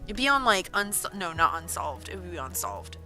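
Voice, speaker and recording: Bright-voiced woman reacting on a livestream. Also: lowish voice, normal speed, faint music behind, poor audio. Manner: animated, exclaiming in disbelief between read-out passages. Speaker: author livestreaming a writing session. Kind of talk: livestream, reading a news report aloud and reacting.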